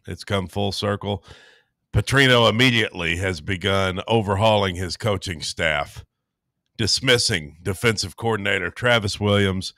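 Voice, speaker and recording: A man's voice: low voice, sharp tone, no echo, studio quality. A man co-hosting a sports radio show, reading the headlines with wry asides. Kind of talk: radio news headline read.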